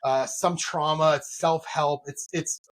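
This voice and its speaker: A man co-hosting a casual podcast, telling animated stories and venting about bad customer service. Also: a little high, measured pace. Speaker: podcast co-host.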